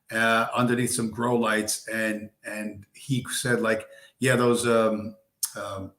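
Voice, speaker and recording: Male stream host, mid-pitched, loose and profane storytelling, recorded in an echoey room. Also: fairly bright tone. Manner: rambling, profane storytelling with many fillers. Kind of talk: casual live-stream monologue. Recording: roomy echo.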